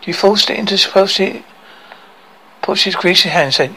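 Man reading a funny storybook aloud, pretty high voice, lively, gravelly edge. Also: normal speed, long pauses, rough recording. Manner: animated, expressive reading with occasional stumbles. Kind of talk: storybook read-aloud narration.

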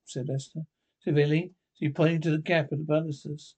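A man's voice: a little high, little pitch movement, darkish tone, slightly rough. A man reading a ghost story aloud, stumbling over words and restarting lines as he goes. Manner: halting reading with misreads and restarts. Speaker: narrator.

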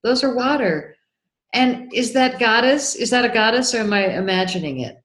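A woman guest telling an animated personal story in an interview, acting out the voices of people in it. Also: fairly high pitch, moderate pace. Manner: excitable, acts out remembered dialogue. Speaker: guest, documentary filmmaker. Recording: roomy echo.

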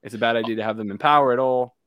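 A man's voice: medium pitch, very fast, fairly bright tone, clean tone, dry recording. Scornful man ranting on a podcast. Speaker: podcast guest. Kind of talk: casual podcast banter.

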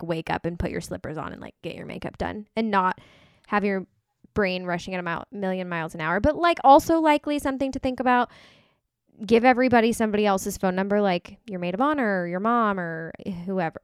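A young woman chatting on a podcast, her voice smooth and clean, the sound close and dry. She talks in an emphatic, chatty way, dropping "like" all through her sentences. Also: medium pitch, quick pace, no room sound. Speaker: podcast co-host, wedding vendor. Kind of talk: casual chat.

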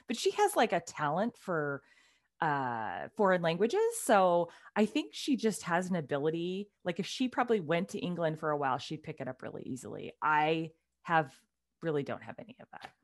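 Lively chatty woman, light Southern twang. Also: sits low. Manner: animated, chatty, quick laughs. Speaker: podcast co-host. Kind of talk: casual chat.

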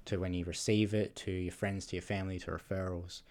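A male podcast guest with a very low, gravelly voice chats in an earnest, laid-back way. His delivery stays flat and even, with little rise and fall. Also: a little fast. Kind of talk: casual podcast chat.

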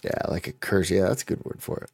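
A man's voice: sits low, fast talker, creaky, darkish tone, husky, dry recording. A man casually chatting on a podcast, laid-back, swearing and calling people dude. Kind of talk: casual chat.

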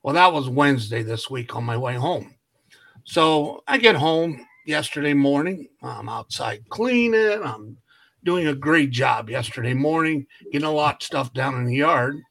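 Bright-voiced man telling a story. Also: medium pitch, unhurried, vocal fry. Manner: animated storyteller acting out quoted dialogue, laughs often. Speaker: podcast co-host. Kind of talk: casual storytelling chat.

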